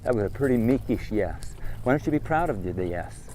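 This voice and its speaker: A man's voice: mid-range voice, animated, fairly quick, warm tone, a little hiss or hum. A man leading a group outdoors, lecturing them sternly and firing off repeated questions and commands. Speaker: trip leader addressing a group of kids.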